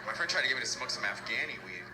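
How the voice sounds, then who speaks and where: A man's voice: mid-range voice, expressive, racing, heavy background noise. Stand-up comedian man telling a story. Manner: storytelling, jumps into quoted voices. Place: comedy club stage before a live audience. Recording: roomy club sound with crowd. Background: laughing audience.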